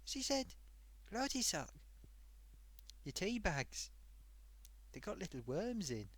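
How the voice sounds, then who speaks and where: A woman's voice: medium pitch, big pitch swings, slow pace, dry recording. A performer voicing a caring woman who fusses over her old friend in a puppet comedy story. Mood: fussing.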